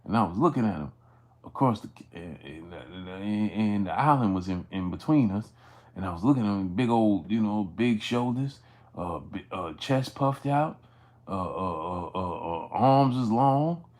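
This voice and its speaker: A man's voice: lowish voice, lively intonation, a little slow, a little mellow. Male sports streamer, casual and rambling, full of fillers and restarts, keeps breaking off to greet chat viewers by name. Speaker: sports channel host. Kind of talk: casual livestream storytelling.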